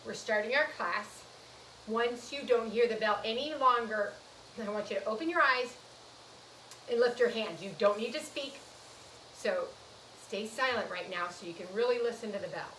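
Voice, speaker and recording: A woman teaching a yoga class to young children, gentle and playful, coaxing them through poses. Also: on the high side, moderate pace, slight background noise. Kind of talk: guided kids' yoga lesson. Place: room in a nursery school. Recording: echoey room, mic at a distance.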